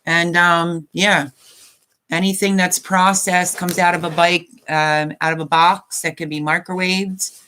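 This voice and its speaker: A woman's voice: on the low side, level tone, unhurried, pushed and bright, slight background noise. A woman in her fifties hosting a casual live stream, chatting in a rambling way and reading viewer comments aloud.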